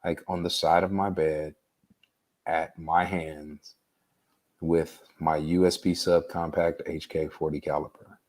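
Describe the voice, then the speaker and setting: Deep voiced guy telling his own story on an interview, earnest and unhurried. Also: flat delivery, a little mellow. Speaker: interview guest. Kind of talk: personal storytelling.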